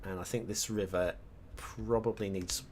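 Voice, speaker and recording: A man with a lowish, slightly mellow voice speaks at normal speed with fairly even intonation over slight background noise. He's map making on a live game stream, chatting casually, rambling between topics, and humming and muttering to himself as he works.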